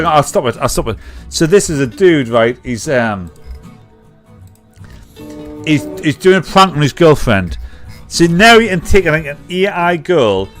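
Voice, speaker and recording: Male host, tipsy, unhurried sweary live-show patter. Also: fairly high pitch. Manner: sweary, rambling, laughs at his own clips. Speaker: livestream comedy host. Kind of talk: rambling live-show chat.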